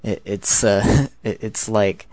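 A man's voice: on the low side, takes it slowly, darkish tone, no room sound. A 19-year-old man with an American accent, talking in a chatty, rambling monologue. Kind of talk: casual spoken monologue.

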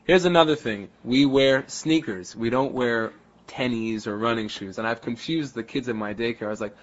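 A man's voice: medium pitch, a little fast, lo-fi sound. A man from New York City with a New York accent, telling casual, rambling stories about where he grew up. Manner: chatty, rambling, anecdotal. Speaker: daycare worker. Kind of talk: casual personal storytelling.

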